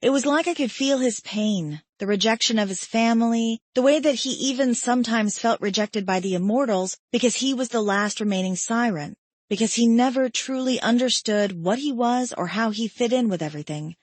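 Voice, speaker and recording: A woman narrating a first-person romance audiobook in a soft, reflective, subdued manner. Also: fairly high pitch, moderate pace, no room sound.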